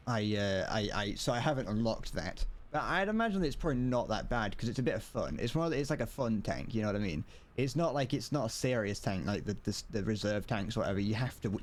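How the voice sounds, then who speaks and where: A young man on a casual gaming livestream, speaking in a fairly low voice. He rambles, restarts sentences and laughs as he answers chat, with a faint hiss of noise behind him. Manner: rambling, frequent restarts and chuckles. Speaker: streamer. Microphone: desk mic, wearing headphones.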